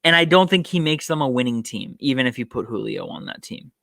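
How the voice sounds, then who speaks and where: Bright-voiced man musing on sports. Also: mid-range voice, lively intonation, a little fast, gravelly, no echo, clean studio sound. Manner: rambling, thinks aloud with many ums. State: tired, yawning. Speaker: sports podcast host. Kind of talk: casual solo sports talk.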